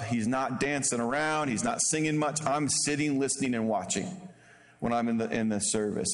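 A man preaching a sermon as a guest pastor, casual and conversational, jumping into bold acted-out voices. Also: big-room sound. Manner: animated, acts out bold voices with sharp pitch jumps.

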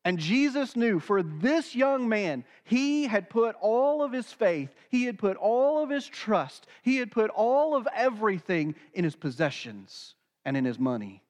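Pastor, man, sermon delivery, earnest, high voice, long hall reverb. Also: big pitch swings, unhurried. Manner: earnest, acts out quoted dialogue.

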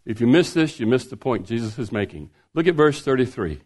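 A man preaching a sermon in a church, animated and asking the congregation rhetorical questions. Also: medium pitch, normal speed.

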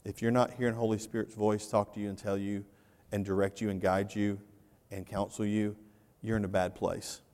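A man's voice: on the low side, moderate pace. Preaching man in a reverberant church. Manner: animated, swings from loud to hushed, repeats phrases. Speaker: pastor. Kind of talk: sermon.

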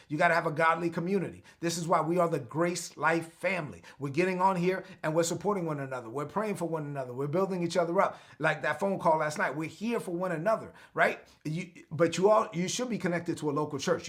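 A man's voice: high voice, fairly bright tone. A man preaching an online devotional sermon, exhorting his listeners and calling on them to answer back. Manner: exhorting, calls for responses. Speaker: pastor.

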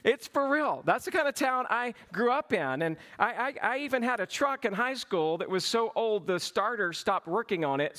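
High-voiced Southern pastor telling stories. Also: male voice, a bit bright. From Georgia, US South. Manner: storytelling, folksy and humorous. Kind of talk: sermon.

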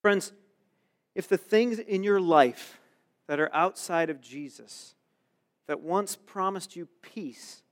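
A man with a high voice preaches a sermon in an earnest, direct way. He presses his points into emphatic exhortations and speaks straight to his listeners. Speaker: pastor.

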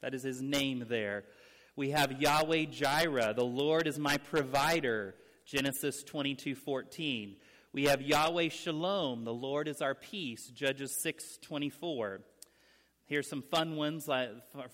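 A man's voice: mid-range voice, a little slow, fairly bright tone. A man preaching a teaching sermon to a church congregation, earnest and explanatory, stretching key phrases for emphasis. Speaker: pastor. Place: church sanctuary with young people present. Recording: long hall reverb.

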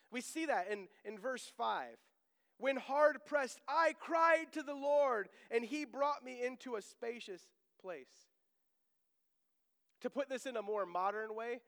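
A man's voice: sits high, a bit bright, clean tone. A middle-aged man preaching as pastor in a church sanctuary, chatty and joking, then bursting into emphatic proclamation. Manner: conversational preaching with humorous asides and emphatic outbursts. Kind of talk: sermon. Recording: long church reverb.

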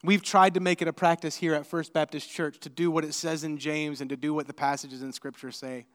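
A middle-aged man preaching as a pastor, telling a personal story in a conversational, animated way before leading prayer. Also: fairly high pitch, brisk. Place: church sanctuary. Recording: church hall with long reverb.

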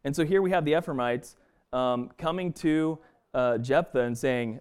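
A man with a smooth, darkish, medium-pitched voice teaches a Bible passage at a normal pace. His casual delivery is full of restarts and fillers.

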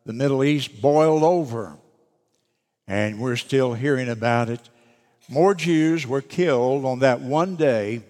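A man preaching a sermon to his congregation, speaking deliberately with emphatic pauses. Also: medium pitch, a little mellow. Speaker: pastor. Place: church sanctuary. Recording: long reverb of a church hall.

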